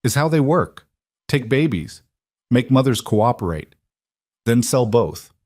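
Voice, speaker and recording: A weary captive woman with an Eastern European accent, as a man puts her on. Her speech is flat and clipped in broken phrases, higher than his own voice, recorded dry and close. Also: a little slow, dry recording. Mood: flat, desperate. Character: frightened weary trafficked woman, broken English.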